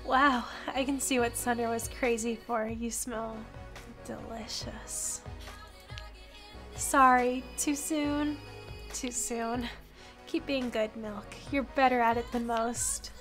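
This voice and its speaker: A woman's voice: a little high, fairly even intonation, takes it slowly, fairly bright tone, soft background music, voice pushed down. Woman voicing a weary guilt-ridden vampire woman. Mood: teasing.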